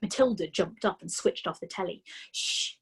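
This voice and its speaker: A woman reading a children's story aloud for a storytime, expressive with dramatic pauses. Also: on the low side, slightly rough.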